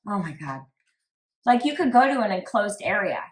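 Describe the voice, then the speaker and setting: In a roomy, echoing space, a woman who hosts a true crime podcast talks casually in a mid-range voice at normal speed. When she reads text messages out loud, the quotes come out flat and she keeps dropping in "like" asides.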